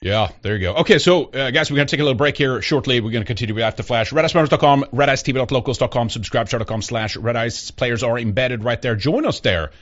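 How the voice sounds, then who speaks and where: Man, talk-show host, casual rambling chat, average pitch, muffled sound. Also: fast talker, few pauses, fairly bright tone. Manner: loose, rambling, many restarts. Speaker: podcast host. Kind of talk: casual chat and live-show shout-outs.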